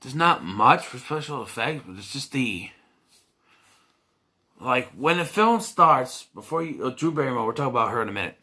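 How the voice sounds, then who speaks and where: A man's voice: medium pitch, animated, normal speed, sharp tone. A man giving a casual, rambling movie review full of fillers and restarts.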